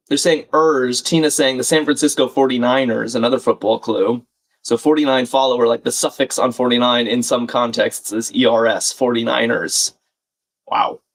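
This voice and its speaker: A man hosting a live crossword-solving stream, chatting casually, thinking aloud and reading out viewer comments. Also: mid-range voice. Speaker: livestream crossword host. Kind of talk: live puzzle-solving chat.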